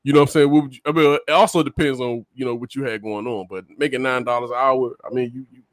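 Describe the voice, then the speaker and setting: A man's voice: medium pitch, steady tone, fast talker, dry recording. A man in a casual podcast discussion, talking loosely in slang with lots of stammered restarts.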